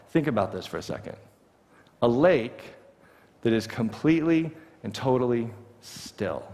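A man preaching a sermon in an animated, conversational way, often acting out quotes. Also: on the high side, long reverb tail. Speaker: pastor. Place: church sanctuary.

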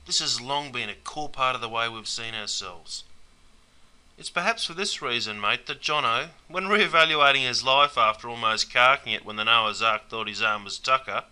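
A man's voice: medium pitch, normal speed, pushed and bright, clear, resonant tone. A man with an Australian accent giving scripted comedic narration about slang, drawling and calling the listener mate. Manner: drawling, tacks "mate" onto phrases, broad slang. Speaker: host and teacher of Australian slang.

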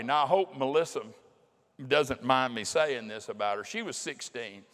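A middle-aged man preaching a sermon in a folksy, emphatic way, slowing down to drive his points home. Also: mid-range voice, expressive, fairly bright tone. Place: large church hall. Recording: long hall reverb.

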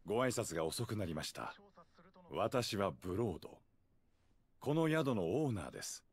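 A man's voice: on the low side, big pitch swings, fast talker, husky, exaggerated voice. An actor playing a polite, helpful male innkeeper in a game dub, speaking formally and deferentially. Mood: courteous. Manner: formal, deferential hospitality speech. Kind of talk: Japanese game dub acting.

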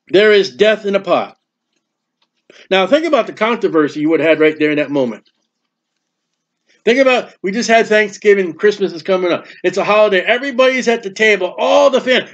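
A man with a high voice preaches a sermon, spinning homely stories and acting out what people say in them. The sound is dull and lo-fi, like an old church tape. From United States. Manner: folksy storytelling with acted quotes. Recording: dull lo-fi recording.

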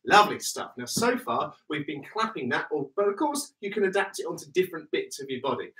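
A man's voice: a little high, big pitch swings, quick pace, distant mic, very noisy. A British man teaching body percussion in an online workshop, counting in and chanting rhythms with upbeat energy.

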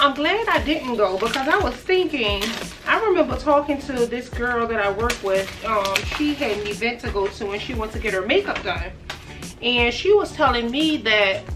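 A chatty, excitable woman talks straight to her viewers in a casual home vlog. Her voice sits a little high. She sounds a bit far from the phone mic, and music plays clearly behind her. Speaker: vlogger. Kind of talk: casual chat. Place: in the car and at home.

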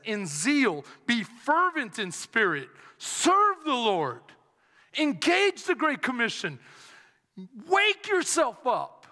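A male pastor preaching with fervor, his voice high and bright. He tells stories dramatically and rises to shouts at the peaks. The sound carries a long reverb from a large hall. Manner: impassioned, shouting at climaxes, dramatic storytelling. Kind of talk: sermon.

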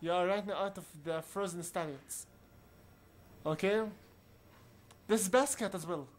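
A man giving casual commentary on a video game playthrough, talking haltingly with many restarts and searching for words. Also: sits high. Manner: reads on-screen dialogue aloud in his own voice. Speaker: video game let's player.

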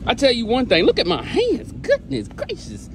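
Outdoors by a house near a street, a man who owns a trash can cleaning business vlogs casually to camera while cleaning cans, loud and joking, often shouting and exclaiming. His pitch is extremely high with huge swings, at a moderate pace. He's recorded on a small clip-on mic with a phone camera, with street noise behind.

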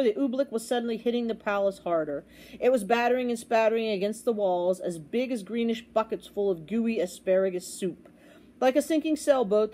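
Woman storyteller, dramatic read-aloud of a kids' book, mellow warm tone. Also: medium pitch. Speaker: storybook reader.

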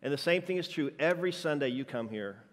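Upbeat male juggler-preacher, jokey and energetic, slightly raised pitch, recorded with church-hall reverb. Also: fast talker. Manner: playful, jokey, energetic crowd-work. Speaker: guest speaker and juggler. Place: church sanctuary.

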